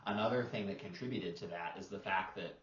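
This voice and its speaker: A man with a very low voice co-hosts a casual roundtable discussion about language. He talks in a relaxed, rambling way, full of fillers. The sound is roomy and a bit dull. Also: fairly quick. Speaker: English teacher and podcast co-host.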